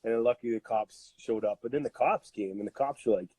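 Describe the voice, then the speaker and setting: Animated Canadian man telling stories. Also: mid-range voice, quick pace, slightly rough, no echo. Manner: animated, laughing, full of fillers. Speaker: podcast guest, strength coach. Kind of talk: casual storytelling.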